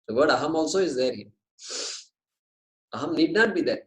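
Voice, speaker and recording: A man giving a scripture class, explaining Sanskrit terms slowly and with light jokes. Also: a little high, sing-song, reverberant, poor audio. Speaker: Vedanta teacher.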